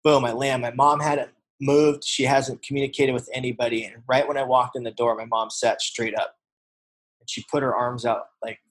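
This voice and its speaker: A man in his forties speaks earnestly in a personal testimony, his voice at an average pitch for a man. He tells the story in an open, conversational way and drops to a hushed tone at the emotional moments. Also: level tone, normal speed, low-quality recording. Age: 40s. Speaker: recovery speaker.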